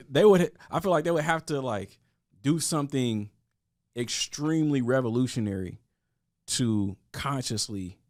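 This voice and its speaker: A man's voice: medium pitch, animated, measured pace, darkish tone, no room sound, studio quality. A man talking earnestly in a casual podcast discussion, often restarting his sentences. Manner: earnest, with frequent restarts and stammers.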